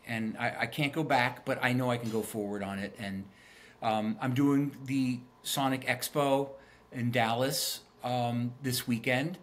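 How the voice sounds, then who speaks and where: A middle-aged man recounts memories in a casual interview, earnest and reflective. His voice sits at an ordinary middle pitch, and he often circles back over his own words as he gathers his thoughts. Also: fairly bright tone. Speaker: guest musician.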